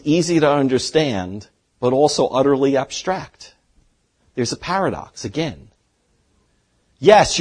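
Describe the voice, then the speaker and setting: A man preaching an expository sermon as a pastor, earnest, dropping from loud to hushed for emphasis. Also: mid-range voice.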